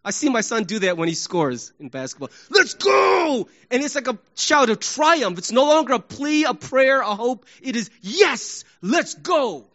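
Animated high-voiced Midwestern pastor preaching. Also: male voice, moderate pace, hardly any pauses, lo-fi sound. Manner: animated, acts out crowd shouts and sports examples. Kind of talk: sermon.

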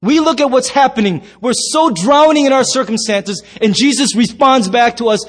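High-voiced man preaching a lively sermon. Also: moderate pace. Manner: animated storytelling, acts out voices and shouts. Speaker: pastor.

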